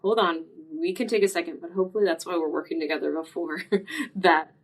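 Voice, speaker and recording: A woman financial planner, a podcast guest, speaking in a relaxed, conversational way with many fillers. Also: fairly low pitch, fairly quick. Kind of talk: casual interview conversation.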